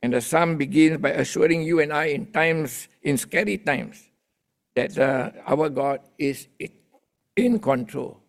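Man, sermon delivery; somewhat high voice with gravel, conversational, addresses the congregation directly. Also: measured pace. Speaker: pastor.

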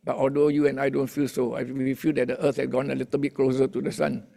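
A man's voice: mid-range voice, flat delivery, fast, gravelly, mellow. A male pastor preaching a sermon in a chatty way, often restarting his sentences and getting the congregation to talk to their neighbors.

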